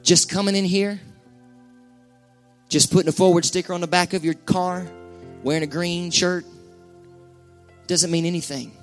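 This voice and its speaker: A man's voice: high-pitched, steady tone, moderate pace, pauses often, faint music behind. A male pastor preaching a sermon to his church in a folksy, conversational way with colloquial asides.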